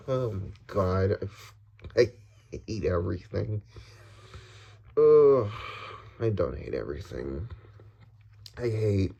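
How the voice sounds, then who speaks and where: A man's voice: low voice, expressive, slow pace, creaky, pauses often, warm tone, slightly rough. Rambling young man from the Dominican Republic. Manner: rambling, restarts often, swears, laughs nervously. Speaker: vlogger. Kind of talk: casual political rant.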